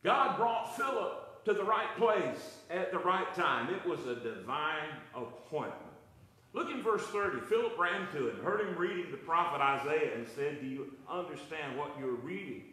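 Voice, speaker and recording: A man's voice: on the high side, animated, normal speed, sharp tone, heavy reverb, low-quality recording. A man preaching a Bible study sermon as pastor, his delivery rising and falling for emphasis. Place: church.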